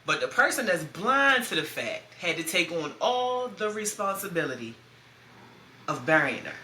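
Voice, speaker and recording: A woman's voice: on the low side, sing-song, normal speed, bright, forceful tone. A woman in her thirties, hosting a podcast, telling a painful personal story in a blunt, profane, raw way. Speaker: podcast host. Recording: roomy echo, faint background noise.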